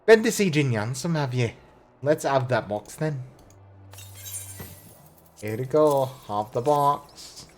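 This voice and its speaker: A man voicing a gruff, hearty middle-aged male tavern keeper in a put-on thick brogue, reading game dialogue aloud with hammy flourish. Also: medium pitch, expressive, slow pace, long pauses, darkish tone, soft background music, pitched above the performer's own voice.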